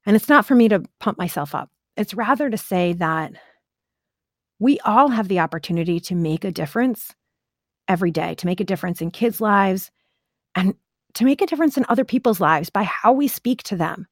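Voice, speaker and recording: A woman's voice: mid-range voice, animated, brisk, dry recording. Woman motivational speaker, earnest and chatty, lots of fillers, dry close recording. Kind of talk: casual storytelling to camera.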